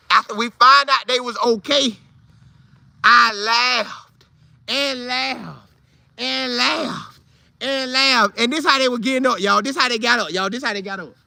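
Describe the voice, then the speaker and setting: A man telling a funny old football story casually, with loud sound effects and vivid retelling. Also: very high voice, vocal fry, dry recording. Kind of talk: animated storytelling.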